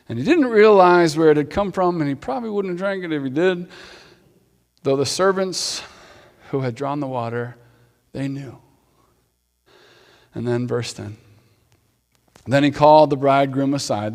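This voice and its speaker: A man preaching a sermon as pastor, talking in a conversational way with playful asides to the congregation. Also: medium pitch. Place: church sanctuary. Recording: long hall reverb.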